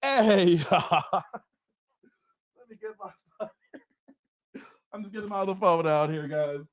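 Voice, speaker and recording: A man hosting a casual livestream, animated and laughing often as he talks straight to his viewers. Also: high voice, takes it slowly, no echo. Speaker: channel host.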